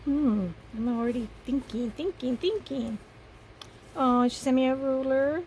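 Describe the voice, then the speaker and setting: A woman casually commenting as she unboxes craft gifts, softly gushing over each piece. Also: high-pitched, unhurried, slight background noise, low-quality recording. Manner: gushing, soft-spoken, admiring each item. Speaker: paper craft vlogger.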